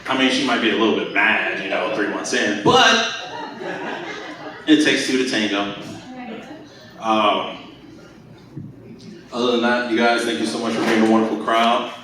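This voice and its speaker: A man's voice: fairly low pitch, normal speed, long pauses, background noise. Young man rambling through a stand-up set. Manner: rambling, filler-heavy, crude. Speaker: stand-up comedian. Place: comedy club stage. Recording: echoey club recording from far off.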